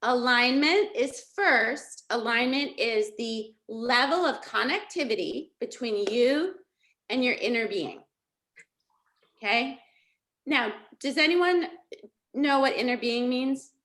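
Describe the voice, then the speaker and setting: A middle-aged woman coaching a group over a video call, with a bright, forceful voice set a little high. She talks with lively energy and keeps checking in with "okay?" and "right?" as she teaches. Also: slow. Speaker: life coach. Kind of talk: live coaching session.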